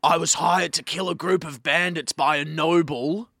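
A man's voice: on the high side, steady tone, moderate pace, vocal fry, a bit bright, no room sound, studio quality, pitched above the performer's own voice. A man voicing a heartbroken male orc warrior from a video game while retelling a story in his own casual voice. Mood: aggrieved.

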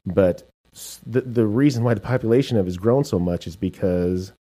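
A man chats casually on a talk show, his voice mellow and warm. He tells stories with energy and acts out the other people in them. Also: fairly low pitch, normal speed. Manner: animated storyteller, acts out quotes. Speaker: co-host. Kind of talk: casual chat.

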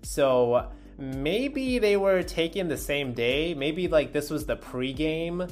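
A man's voice: a little high, animated, slow, faint music behind. Wry man joking through an article. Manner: wry, joking asides while reading aloud. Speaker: video host reading an article. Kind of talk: casual comedic commentary.

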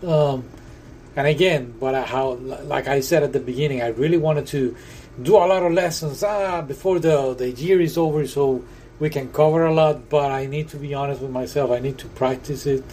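A man's voice: mid-range voice, moderate pace, dark tone, a little hiss or hum, low-quality recording. Chatty man tutoring through an app lesson. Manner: repeats phrases, self-correcting, chatty. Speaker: language tutor. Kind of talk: casual lesson walkthrough.

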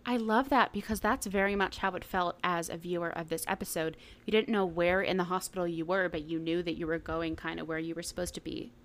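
Chatty, enthusiastic woman co-host with a fairly low voice; casual podcast talk. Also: fairly even intonation. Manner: chatty, enthusiastic, quick asides. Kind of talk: casual chat.

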